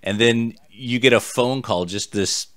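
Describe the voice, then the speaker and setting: A man's voice: mid-range voice, a little slow, fairly bright tone, clean tone. A man hosting a podcast interview who reflects back on the guest's story in a casual way. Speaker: podcast host.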